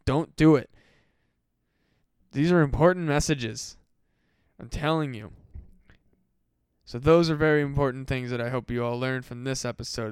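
A man hosting a comedy podcast, rambling through mock-serious warnings in a profane, deadpan monologue. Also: mid-range voice, normal speed, pauses often, clear, resonant tone, no echo, studio quality. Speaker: podcast host.

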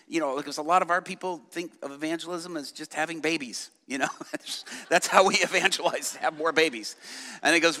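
A man preaching and telling a lively story from the pulpit, acting out the voices of the people in it and laughing along. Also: fairly high pitch, a little fast, big-room sound. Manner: animated, laughing, acts out voices in his stories. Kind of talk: sermon storytelling.

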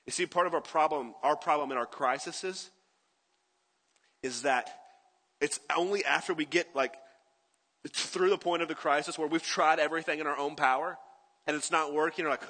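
A male pastor preaches in a high, bright voice. His sermon sounds casual and conversational, and he keeps checking in with his listeners. The sound rings out with a long reverb, as in a big hall. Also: moderate pace. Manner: conversational preaching, asks the room "right?".

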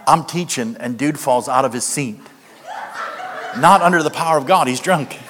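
A man's voice: medium pitch, moderate pace, a bit bright. A man preaching as guest speaker, telling a comic story with punchlines and acted-out quotes. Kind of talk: comedic sermon storytelling. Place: church hall, live audience. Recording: echoey hall, faint noise.

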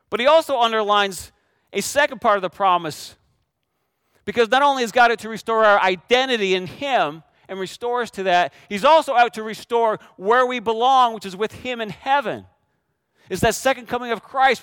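Pastor guy preaching, high smooth voice, dry close sound, punchy and repeats himself. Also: a bit bright, dry recording. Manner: emphatic, repeats key phrases, rhetorical questions. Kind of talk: sermon.

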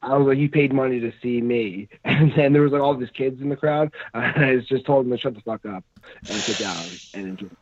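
A man, a pro wrestler, chatting casually on a podcast in a rambling, halting way full of fillers. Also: medium pitch, steady tone, slightly rough. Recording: dry, phone-like lo-fi sound.

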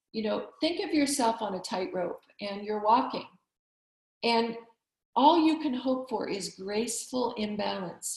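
A woman's voice: mid-range voice, a little mellow. A woman in her fifties, a physician, giving heartfelt, emphatic encouragement in a conversation. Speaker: physician, summit speaker. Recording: roomy echo.

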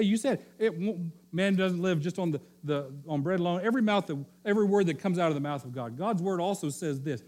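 A man voicing the devil as a sly, taunting male tempter who repeats his dares slowly in a sermon. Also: high-pitched, a little mellow, voice pushed up. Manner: slow mocking challenge, repeated dares.

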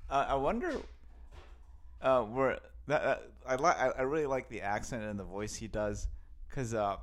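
A male podcast host talks casually about a comedy clip. He speaks slowly and rambles, with frequent halts and restarts. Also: mid-range voice, expressive. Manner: rambling, halting, many restarts. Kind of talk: casual commentary.

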